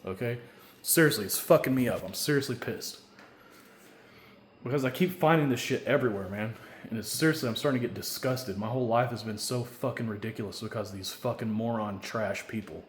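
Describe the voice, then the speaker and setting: A man's voice: medium pitch, brisk, a little hiss or hum. Angry ranting man in an echoey room. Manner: angry, profane, repeats a stock filler question; builds to loud shouting at times. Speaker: vlogger. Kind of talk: rambling solo rant to camera.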